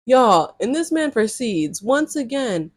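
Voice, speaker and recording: A woman's voice: fairly high pitch, big pitch swings, takes it slowly, no room sound. A young adult woman, blunt and sassy, telling a dating story casually to her viewers with slang and strong reactions. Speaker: storytime vlogger.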